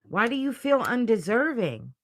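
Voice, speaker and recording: A woman's voice: fairly high pitch, sing-song, normal speed, a bit bright. A woman giving a livestream tarot reading, blunt and earnest, swearing as she urges the listener on. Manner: blunt, profane, motivational; earnest, emotional. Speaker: tarot reader.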